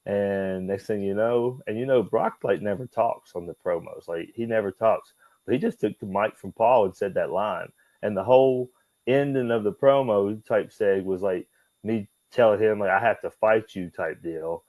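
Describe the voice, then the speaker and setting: Animated man telling stories. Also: fairly low pitch, moderate pace, dry recording, low-quality recording. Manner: animated, profane, acts out dialogue with voices. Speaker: guest, former wrestler. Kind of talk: casual storytelling interview.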